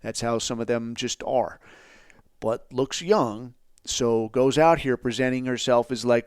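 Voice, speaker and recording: A man's voice: medium pitch, a little slow, vocal fry, a little mellow, dry recording, studio quality. A man hosting a podcast, talking in a blunt, profane, rambling and sarcastic way. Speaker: podcast host. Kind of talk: casual podcast commentary.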